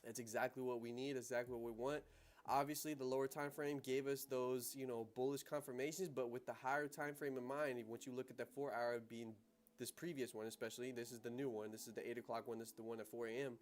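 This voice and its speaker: A man's voice: mid-range voice, fairly even intonation, fast. A young man hosting a livestream on trading, talking casually in slang and laughing often.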